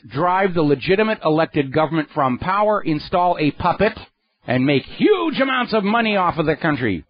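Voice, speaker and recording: Speaking into a studio microphone, a man hosting a radio talk show delivers a political monologue dripping with sarcasm and indignation. His voice is a little high, with no echo. The studio audio is dry and somewhat dull.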